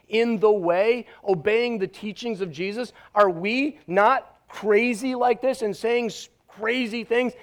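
High-pitched guy preaching, chatty but emphatic, pauses for effect. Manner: emphatic, conversational, with dramatic pauses. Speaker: pastor. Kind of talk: sermon.

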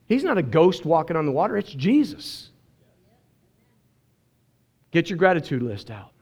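High-voiced earnest male pastor preaching. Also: sing-song, a little slow, darkish tone, breathy edge. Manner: emotional, earnest preaching with quoted dialogue. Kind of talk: sermon. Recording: dull lo-fi sermon recording.

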